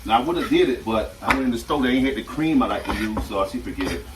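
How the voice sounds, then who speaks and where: A man chats loosely through a home cooking session, circling back over his words as he goes. He sits at a middling pitch and is picked up from a distance, with frying food sizzling loudly behind him. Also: fast talker, reverberant, background noise. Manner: chatty and relaxed, repeats himself often. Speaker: home cook and channel host. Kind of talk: casual cooking demonstration. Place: home kitchen at the stove. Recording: distant mic with loud sizzling from the pan.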